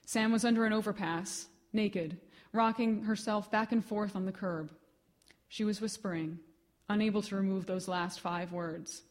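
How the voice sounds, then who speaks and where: A woman giving a live reading of her own fiction at a reading event, with measured, expressive storytelling. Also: mid-range voice.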